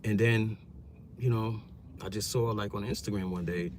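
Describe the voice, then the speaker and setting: A man's voice: medium pitch, brisk, slight background noise. A man, a YouTuber telling stories in casual, slangy vlog talk from inside his car. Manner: animated, slangy storytelling.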